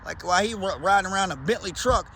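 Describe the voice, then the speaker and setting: Baltimore dude vlogging, talks a lot, real loose and slangy, high voice. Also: male voice, animated, fast, bright, forceful tone, a little hiss or hum. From Baltimore, USA. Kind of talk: casual rambling chat.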